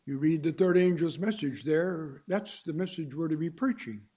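A man's voice: fairly high pitch, normal speed, mellow, husky. A man preaching a sermon to a congregation, emphatic and full of rhetorical questions.

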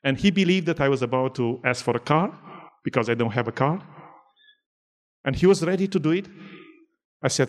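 A man preaching, telling a story slowly and deliberately, repeating words for emphasis. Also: mid-range voice, expressive. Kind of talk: sermon storytelling.

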